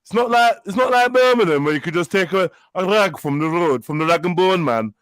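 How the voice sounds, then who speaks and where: A man's voice: high-pitched, expressive, fairly quick, a bit bright, no echo, studio quality. A man putting on a crude blustering Brummie bloke. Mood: brash. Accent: mock Midlands. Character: crude loud man from Birmingham, boastful.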